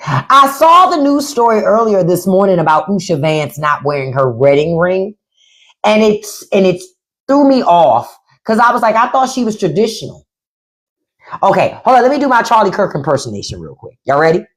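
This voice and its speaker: A woman hosting a casual livestream, talking bluntly and profanely with animated delivery. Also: fairly low pitch, moderate pace. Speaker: podcast host on a livestream.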